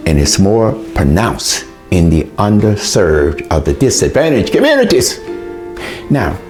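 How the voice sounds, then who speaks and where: A man's voice: low-pitched, big pitch swings, measured pace, over music. A man delivering a scolding, rhetorical moral monologue to his listener, asking questions and answering them himself. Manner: acts out other people's voices. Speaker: speaker, former educator.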